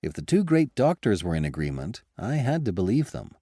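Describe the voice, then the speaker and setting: Expressive male narrator, animated delivery, dry close-miked read. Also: lowish voice, fairly quick, few pauses, no room sound. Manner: lively, expressive first-person storytelling. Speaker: audiobook narrator. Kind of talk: scripted audiobook narration.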